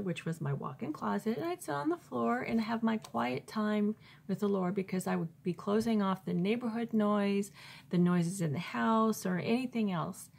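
A Christian author tells her personal faith testimony in an informal way, full of fillers and restarts. Her voice sits on the low side, gravelly with a breathy edge, and she acts out her past thoughts in raised, emphatic bursts.

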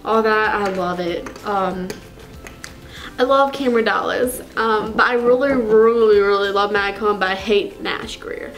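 A woman's voice: medium pitch, measured pace, fairly bright tone, low-quality recording. A woman playing a giddy, clueless fangirl. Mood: gushing. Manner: giddy, rambling, gasping fangirl talk. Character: gushing, clueless teenage girl fake fan. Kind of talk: comedy sketch character.

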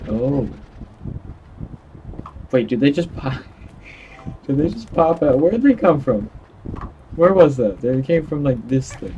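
A man's voice: mid-range voice, mellow, highs cut off, a little hiss or hum. A young man hosting a casual gameplay video, laughing often and stumbling over his words. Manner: giggly, stammering, playful. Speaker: gaming channel host.

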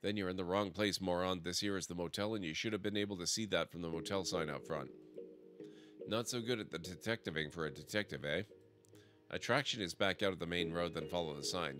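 A man reading the lines of a grumpy, rude male motel clerk in a game, with a gruff, insulting manner. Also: deep voice, natural voice. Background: music.

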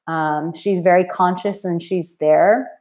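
A woman's voice: fairly low pitch, steady tone, takes it slowly, a little mellow. Woman dating coach, 30s to 40s, earnest livestream host, heartfelt delivery. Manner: earnest, heartfelt, emotional at times. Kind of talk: live stream talk to viewers.

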